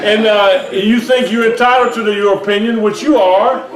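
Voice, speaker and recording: Male preacher, high voice, storytelling sermon, live stream, echoey hall, congregation audible. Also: normal speed, distant mic, crowd noise. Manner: animated, laughing as he tells a story. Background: congregation responding.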